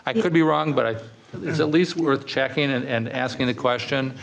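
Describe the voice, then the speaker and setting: Brief: gravelly male council member, halting, thinks aloud in meeting. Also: medium pitch, a bit bright, a little hiss or hum. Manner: hesitant, many restarts, thinking aloud. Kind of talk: council discussion. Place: council chamber.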